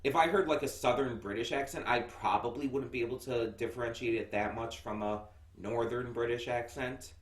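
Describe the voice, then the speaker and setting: A man's voice: mid-range voice, normal speed. American guy rambling through a review, lots of ums, echoey room, mic kinda far. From United States. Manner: chatty, rambling with many fillers and restarts. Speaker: anime reviewer. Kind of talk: casual first-impressions review.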